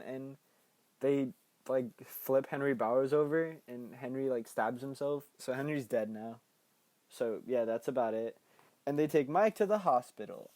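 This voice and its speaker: Mellow young man recapping a movie. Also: medium pitch, no room sound. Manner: playful, laughs often, bursts into excited quoted voices. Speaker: podcast host recapping a film.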